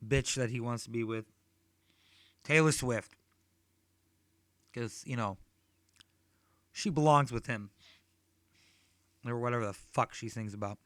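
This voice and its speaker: A man in his thirties does stand-up and rambles through profane stories. His voice is mid-pitched and ordinary. The sound is close and dry, with no room around it. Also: measured pace, pauses often, dry recording. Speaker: stand-up comedian. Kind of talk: stand-up comedy set.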